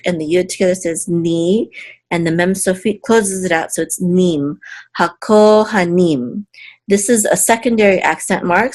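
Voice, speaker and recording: A woman teaching a lesson, slowly sounding out syllables and words, casual, with fillers and self-corrections. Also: fairly low pitch. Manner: slow deliberate sounding-out of syllables. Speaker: Hebrew teacher. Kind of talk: patient step-by-step lesson.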